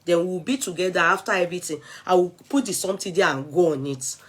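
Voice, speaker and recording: A Nigerian woman vlogger in an animated, chatty rant, switching freely between English, Yoruba and pidgin. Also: on the low side, quick pace, breathy edge.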